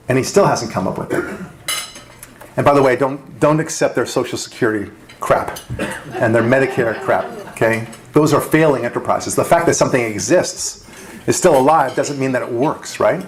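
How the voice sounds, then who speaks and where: A man's voice: mid-range voice, moderate pace, slight background noise. Punchy man speaking at a dinner. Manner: punchy and rhetorical, with frequent "right?" asides; conversational, with restarts and small laughs. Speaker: radio talk show host giving a speech. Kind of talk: speech to a dinner audience.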